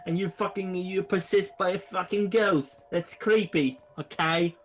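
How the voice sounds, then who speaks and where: A man's voice: high voice, fairly even intonation, unhurried. A man joking and swearing in a casual game commentary with friends, often giggling. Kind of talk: casual let's play banter.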